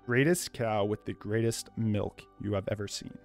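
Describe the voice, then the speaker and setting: A young man with a fairly low, darkish, steady voice commentates a life-sim game at normal speed, soft music playing underneath. As a gaming YouTuber doing a let's play, he's goofy, describes himself as a little loopy, and makes joking asides to his audience.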